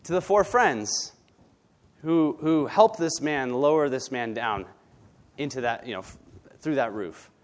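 Male pastor, mid-pitched, plainspoken, casual sermon delivery. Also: lively intonation, unhurried. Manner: blunt, conversational, tag questions.

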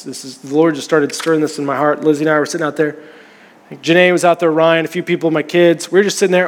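High-voiced man preaching in a hall. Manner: storytelling, conversational preaching. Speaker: pastor. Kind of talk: sermon. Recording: long reverb of a church hall.

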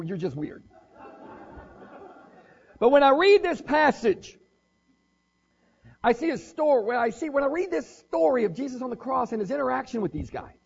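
Male preacher, husky tone, relaxed conversational sermon with dry humor, muffled recording. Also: extremely high pitch. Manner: casual, joking, thinks aloud with restarts.

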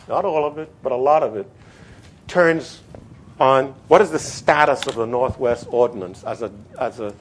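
A man giving a classroom history lecture, halting and repeating words, pausing to stress key terms as he reads a passage aloud. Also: medium pitch, slight background noise.

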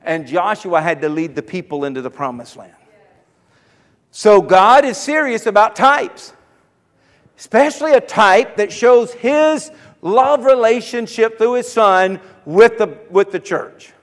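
At a measured pace, a pastor with a very high voice preaches a sermon, using repetition to drive points home and building to fervent calls. Long reverb makes it sound like a church hall.

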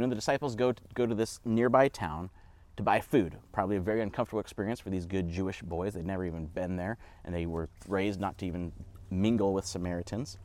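A man giving a casual, conversational Bible teaching with animated asides. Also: fairly low pitch, dry recording.

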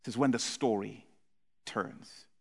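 A male pastor preaching a sermon, moving between hushed, low passages and loud, impassioned ones. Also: a little slow, gravelly, husky, in a large hall.

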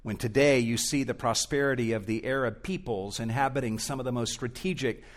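A man's voice: mid-range voice, fairly quick. A male pastor preaching an expository sermon in a church, earnest and emphatic, rising and falling in intensity.

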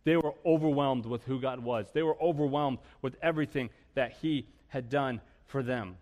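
A man preaching a sermon as pastor, animated and storytelling, with humor and rhetorical questions. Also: medium pitch, moderate pace. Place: church sanctuary. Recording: long reverb of a church hall.

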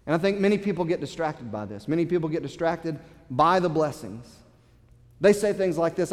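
A man's voice: on the high side, lively intonation, brisk, big-room sound. A man preaching a sermon as pastor, passionate, stressing key words and often repeating himself. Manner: impassioned preaching with swells of emphasis and repeated words.

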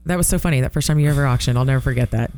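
A woman co-hosting a radio talk show, animated and quick to laugh as she chats. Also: very deep voice. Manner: animated, laughs easily, storytelling.

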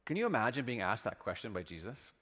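Animated male preacher in an echoey hall. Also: on the low side, quick pace. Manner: lively, dramatic storytelling. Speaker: pastor. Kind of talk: sermon.

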